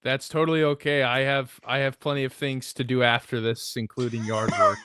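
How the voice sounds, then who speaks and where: A young man hosting a chat, enthusiastic and quick to laugh. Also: mid-range voice, steady tone, bright, forceful tone, smooth, dry recording, studio quality. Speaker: podcast host. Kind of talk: casual chat.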